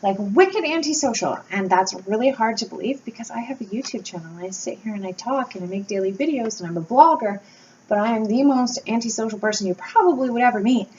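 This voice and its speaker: Candid, animated woman. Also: fairly high pitch, brisk. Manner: candid, animated storytelling with swearing and laughs. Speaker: wax-melt YouTuber and blogger. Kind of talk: casual chat to camera. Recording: slightly dull home recording with faint background noise.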